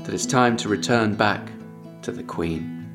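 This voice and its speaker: Male storyteller, slow and gravelly, a bit high, guitar playing behind. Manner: slow, unhurried, repeating phrases. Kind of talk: spoken storytelling over guitar. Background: guitar music.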